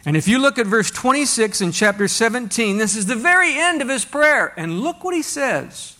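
A man's voice: very high-pitched, big pitch swings, normal speed, pushed and bright. A man preaching a sermon to a congregation, reading scripture aloud and asking rhetorical questions in a conversational way. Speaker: pastor.

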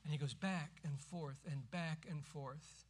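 A middle-aged man preaching a sermon as pastor, emphatic and rising to forceful cries when quoting scripture. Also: on the high side, measured pace, slight background noise.

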